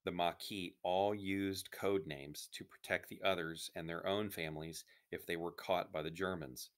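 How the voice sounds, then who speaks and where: A man reading a children's novel aloud in a steady, even narration. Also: deep voice, moderate pace.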